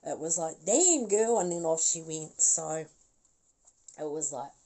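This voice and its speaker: A woman giving a live psychic reading, talking slowly in a mellow, relaxed voice. She rambles chattily, breaks into laughter and apologizes as she goes. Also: sits low, low-quality recording. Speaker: psychic medium.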